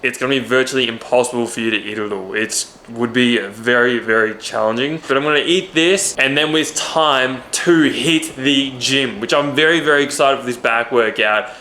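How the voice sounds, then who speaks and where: A man's voice: medium pitch, moderate pace, few pauses, sharp tone. A young man, chatting through his day in a casual, jokey fitness vlog. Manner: jokey, chatty, self-deprecating. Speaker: fitness YouTuber. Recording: echoey room, faint background noise.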